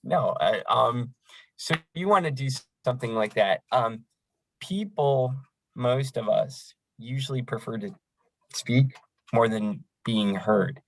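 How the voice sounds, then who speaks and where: A man's voice: mid-range voice, expressive, slow pace, gravelly, no room sound, poor audio. A man running a crisis line training session in a conversational, folksy way, with frequent fillers. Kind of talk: training lecture.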